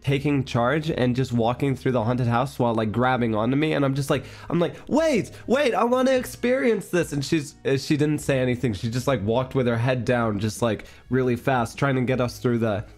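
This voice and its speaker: A young man chatting on his livestream with a stuffy, congested voice at a middle pitch. He rambles through his story with plenty of fillers and breaks into laughter often. Faint music plays softly behind him. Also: steady tone, brisk, hardly any pauses. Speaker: livestream host. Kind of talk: casual chat storytelling.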